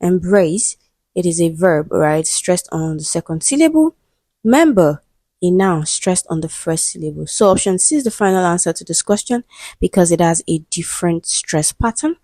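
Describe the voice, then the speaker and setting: A woman's voice: fairly low pitch, expressive, normal speed, warm tone, no room sound. A woman with a Nigerian English accent, patiently going through exam English questions and checking in with "okay" and "right". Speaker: exam prep tutor.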